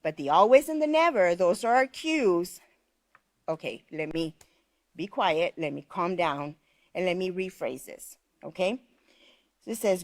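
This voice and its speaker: A woman's voice: lowish voice, lively intonation, a little slow, dry recording. A woman leading a teacher training class, talking conversationally and often checking in with "okay?" while she tells stories. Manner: conversational, frequent "okay?" check-ins, storytelling. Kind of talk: live online class instruction.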